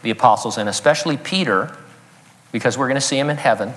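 A man's voice: mid-range voice, fast, a bit bright, long reverb tail. A man preaching a sermon as pastor, breaking in with joking asides and chuckling at his own jokes. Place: church sanctuary.

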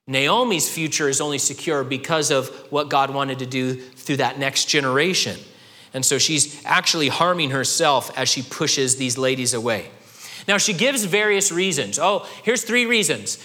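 A man preaching a sermon with animated delivery, acting out the voices of people in the scripture he quotes. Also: medium pitch, normal speed, in a large hall. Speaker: pastor.

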